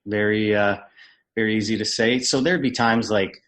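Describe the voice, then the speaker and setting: A man's voice: lowish voice, moderate pace. A man in his thirties from Canada, a former hockey player telling stories on a podcast and swearing freely. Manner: animated storyteller, mimics yelling coaches, swears freely. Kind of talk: casual storytelling on a podcast.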